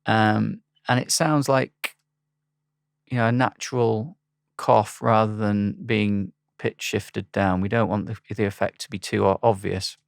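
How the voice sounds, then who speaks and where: A man talking through a software tutorial in a relaxed, halting way with frequent pauses and ums. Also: lowish voice, creaky, no room sound, studio quality. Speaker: instructor. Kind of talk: screen-recorded software tutorial.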